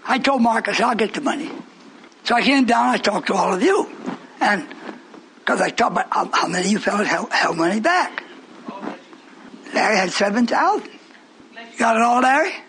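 An older man preaching a rambling, folksy sermon to his congregation, dropping to mutters and then rising to shouts. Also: high-pitched, expressive, normal speed, long pauses, slight background noise, poor audio.

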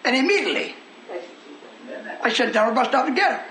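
Older preacher, high-pitched and fervent. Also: male voice, lively intonation, brisk, a crowd in the background. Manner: folksy, rising into shouted fervor. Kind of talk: sermon. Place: church meeting hall. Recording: echoey room with congregation.

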